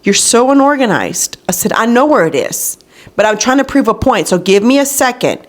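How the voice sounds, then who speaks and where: A woman's voice: on the high side, animated, brisk. Candid woman podcast host telling stories. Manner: candid storytelling, acts out quotes. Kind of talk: casual chat.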